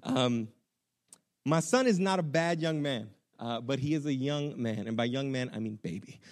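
A young man, a pastor, preaching a sermon in an animated, conversational way with casual slang. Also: mid-range voice, normal speed.

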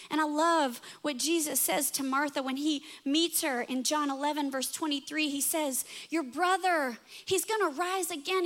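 Bright, high-voiced woman preaching a sermon. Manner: animated storytelling, acting out voices in quotes. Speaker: pastor.

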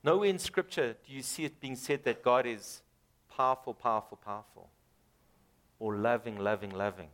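A man's voice: mid-range voice, moderate pace, a bit bright. A man preaching a sermon, emphatic, rising and dropping dramatically and repeating words for emphasis. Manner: emphatic, rises and drops dramatically.

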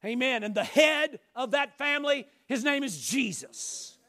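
Brief: male pastor with a very high voice, preaching hard and building to shouts. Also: measured pace. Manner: emphatic, rising to shouts, repeats rhetorical questions. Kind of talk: sermon.

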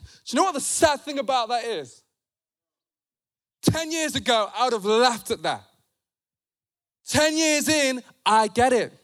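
A man's voice: extremely high pitch, a bit bright. A man preaching a sermon at a church service, passionate and emphatic, with blunt, direct appeals to his congregation.

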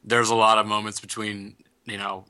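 Very bright-voiced man recapping a show. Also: lowish voice, little pitch movement, normal speed. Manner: rambling, with many fillers and restarts while retelling scenes. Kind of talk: casual TV recap chat.

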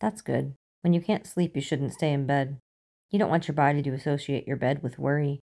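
A dry, amused male FBI agent who teases his partner about her sleeplessness, read by a woman. The voice sits low and dark with a gravelly edge. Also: brisk. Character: wry male FBI agent, insomniac, teasing.

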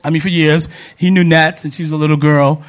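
A man's voice: a little high, little pitch movement, brisk. An older man, a guest at a live show, telling a chuckling anecdote in casual chat.

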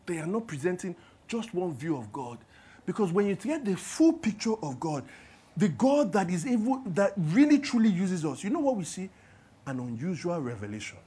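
Man, high pitch, sermon, call-and-response questions, hushed-to-loud delivery. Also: sing-song, moderate pace, a little hiss or hum. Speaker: preacher. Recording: clear music playing behind the voice.

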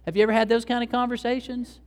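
A man preaching a sermon as pastor, animated and acting out the dialogue he quotes. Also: very high-pitched, fast talker.

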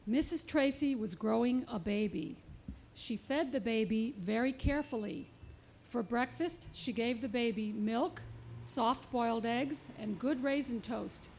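A woman children's author reading her picture book aloud in a clear, expressive storybook manner. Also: fairly high pitch, unhurried, slight background noise.

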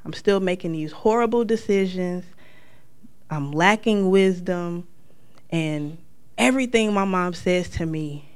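A lively storyteller from North Carolina, this woman shares her personal testimony and acts out the lines of the people in it, speaking with a fairly low pitch.

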